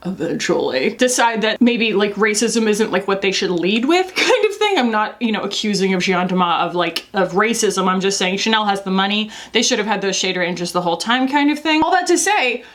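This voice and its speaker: A woman's voice: mid-range voice, animated, a little fast, hardly any pauses, fairly bright tone. An American woman in her twenties or thirties, chatting candidly and casually through a makeup review with frequent laughs. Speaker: beauty vlogger.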